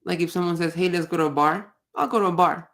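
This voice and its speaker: A woman with a lowish but fairly bright voice talks fast as she hosts a casual livestream. Her ranting chat is blunt and sweary, rambling with restarts.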